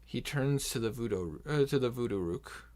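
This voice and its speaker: A man narrating a tabletop game as game master, slow and deliberate, with excited bursts. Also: medium pitch.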